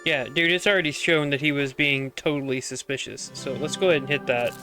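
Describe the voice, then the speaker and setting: Male game commentator, slightly high pitch, jokey. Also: steady tone, a little fast, music in the background. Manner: jokey, sarcastic asides. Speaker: gameplay commentator. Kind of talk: casual playthrough commentary.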